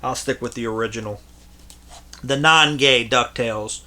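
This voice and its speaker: A man's voice: mid-range voice, normal speed, bright, forceful tone. A man in his thirties rambling through his movie collection in a casual, crude, profane way, laughing at his own jokes.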